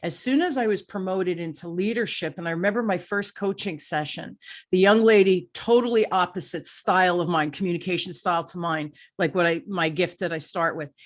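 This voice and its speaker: A middle-aged woman hosting an interview show, telling a candid story and acting out her own thoughts. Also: fairly low pitch. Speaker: podcast host. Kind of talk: conversational interview.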